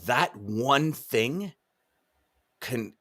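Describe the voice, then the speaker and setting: A man's voice: medium pitch, expressive, drawn-out words, fairly bright tone. A man hosting a casual live-stream chat as a coach, reading viewer comments aloud and often repeating words. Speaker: podcast host and trucking coach.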